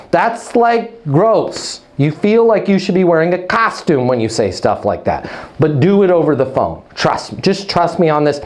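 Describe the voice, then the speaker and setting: A man giving a live online leasing training, energetic and punchy, checking in with "okay? right?" and hyping up his listeners with playful nicknames. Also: fairly high pitch, normal speed.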